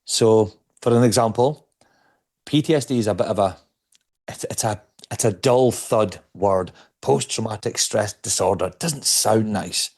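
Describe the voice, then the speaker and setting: Man, podcast guest, lowish voice, reflective, restarts phrases while thinking. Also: unhurried, darkish tone. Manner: reflective, repeats words as he searches for them. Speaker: podcast guest, speaker on stress. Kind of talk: conversational interview.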